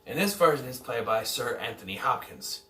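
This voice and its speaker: A man casually reviewing a film, rambling and correcting himself as he goes. His voice is bright and forward. He sounds set back from the mic in an echoey room. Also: mid-range voice, animated, brisk, far from the mic. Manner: rambling, self-correcting, unsure of details. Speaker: movie reviewer.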